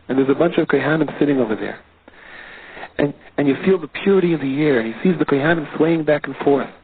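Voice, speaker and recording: A man, a rabbi, telling a story in an animated sermon, his pitch sweeping widely. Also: fast, slightly rough. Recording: tinny phone-like audio.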